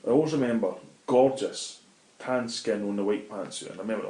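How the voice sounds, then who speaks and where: A man's voice: lowish voice, fairly quick, mellow. A middle-aged Scottish man telling a vivid, swear-laden story as an interview guest in casual talk. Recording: roomy echoey room.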